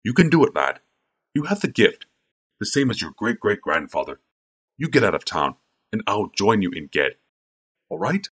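A stern older mage, as a male reader puts him on for an audiobook, speaking firmly in a husky, deep voice. His pitch swings widely as he urges and commands. The delivery is low and insistent. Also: big pitch swings, normal speed, long pauses, a bit bright, heavily acted. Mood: encouraging. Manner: firm, low-voiced urging. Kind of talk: audiobook character voice.

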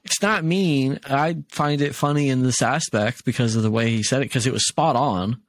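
A man in casual podcast chat, his voice sitting at an everyday middle pitch. He laughs often and slips into retelling comedy routines. The sound is dry and close with no room to it. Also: moderate pace, no echo. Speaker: podcast co-host.

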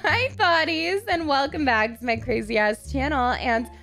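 Brash, high-voiced woman gamer. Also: normal speed. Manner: brash, profane, animated. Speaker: gaming channel host. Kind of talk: casual let's-play commentary.

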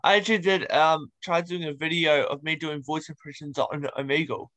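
A man hosting a casual interview, playful and quick to laugh. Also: on the high side, fairly even intonation, bright, forceful tone. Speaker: interview host.

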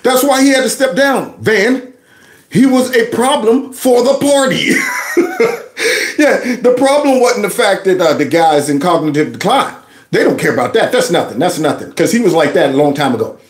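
A man's voice: high voice, huge pitch swings, moderate pace, echoey room. A man hosting a reaction commentary, laughing and sarcastic as he mocks a clip. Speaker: host.

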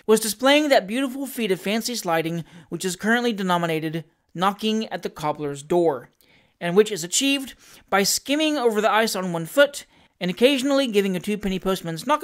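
Measured audiobook narrator. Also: medium pitch, animated, a bit bright. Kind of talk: audiobook reading of a classic novel.

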